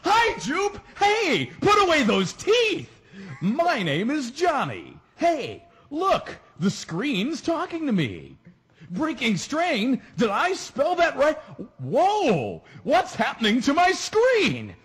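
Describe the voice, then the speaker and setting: An actor playing a tipsy, goofy male sidekick announcer who gives a wide-eyed comic recap with sudden shouts. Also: extremely high pitch, wildly swooping pitch, slow, heavily acted.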